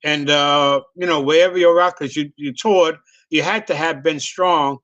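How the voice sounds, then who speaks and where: A man's voice: a little high, fairly even intonation, moderate pace, a bit bright, lo-fi sound. A man hosting a casual interview, telling loose profane stories with many restarts and repeats. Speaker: host.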